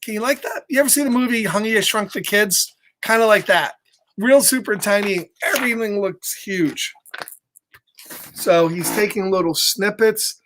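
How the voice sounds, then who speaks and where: A man's voice: high voice, moderate pace, fairly bright tone, slight background noise. A man reading a picture book aloud to listeners, breaking off into playful chatty asides and laughing often. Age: adult with a child. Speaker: children's story reader.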